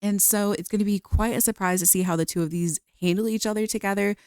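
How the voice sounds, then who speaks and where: A chatty woman narrates her gameplay in a casual, gushing way, laughing often. Her voice sits at an ordinary middle pitch. It is recorded close and dry, with no room sound around it. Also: steady tone, fast, darkish tone, clean tone, no echo. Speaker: let's play creator.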